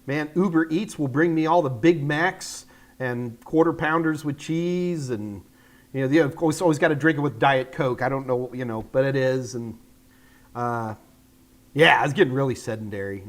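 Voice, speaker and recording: An older man from the United States hosting a live tech Q&A, rambling in a chatty, self-deprecating way. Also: mid-range voice. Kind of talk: casual livestream chat.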